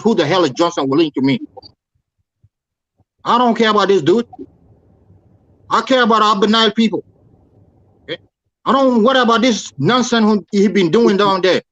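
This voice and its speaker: A man's voice: high-pitched, a bit bright, no echo, muffled recording. A man calling in to a talk show, speaking in a heated, preachy, repetitive way. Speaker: caller. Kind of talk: impassioned call-in rant.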